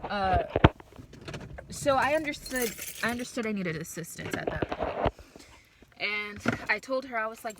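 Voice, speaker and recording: A woman's voice: mid-range voice, lively intonation, moderate pace, noisy background. A tired young woman vlogging from a car, talking openly and rambling, often stopping and restarting her sentences. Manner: open, rambling, self-interrupting. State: tired from no sleep. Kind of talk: candid personal talk.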